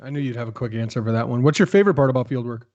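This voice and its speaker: A man's voice: mid-range voice, racing, darkish tone, no room sound, dull audio. A man hosting a podcast in casual chat, teasing his co-hosts playfully and asking them questions.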